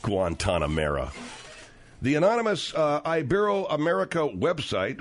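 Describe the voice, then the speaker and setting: Radio host guy, wry and sarcastic, animated delivery, mid pitch. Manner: wry, sarcastic, slangy, many fillers. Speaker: radio talk show host. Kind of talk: radio talk show commentary.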